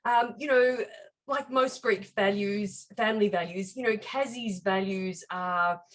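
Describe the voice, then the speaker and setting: A woman's voice: medium pitch, a little slow, far from the mic. A woman interviewing a guest in an enthusiastic, encouraging way. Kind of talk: conversational interview.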